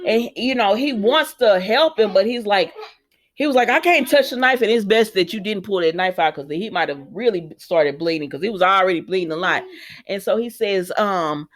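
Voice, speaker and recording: A woman's voice: medium pitch, normal speed. Chatty woman recapping a soap. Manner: chatty, animated retelling with asides to the audience. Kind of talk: casual recap monologue.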